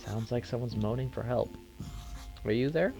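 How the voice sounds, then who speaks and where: A terse, deadpan graveyard keeper, read by a man in his own voice. He asks short, plain questions with little emotion in a game scene. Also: mid-range voice, normal speed, creaky, over music, close to an everyday voice.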